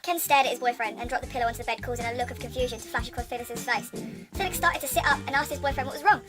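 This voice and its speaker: A woman reading a romance story aloud in a rushed, breathless way. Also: on the high side. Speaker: YouTuber reading fan fiction aloud. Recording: music playing under the voice.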